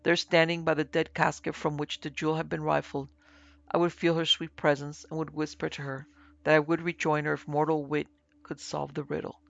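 A man narrating a classic story as an audiobook in a solemn, measured way, in a dry, dull lo-fi recording. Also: a little high, little pitch movement, vocal fry, fairly bright tone. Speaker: narrator and producer.

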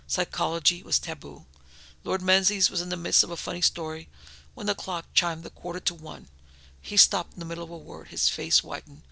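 Gravelly bright-voiced male storyteller. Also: a little high, no room sound, low-quality recording. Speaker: narrator. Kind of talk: storybook reading.

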